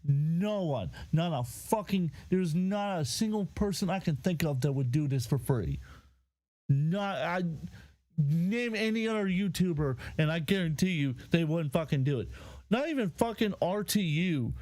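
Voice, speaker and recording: A man hosting a live commentary show, ranting in a profane, heated yet deadpan way. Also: fairly high pitch, measured pace, no echo. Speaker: host.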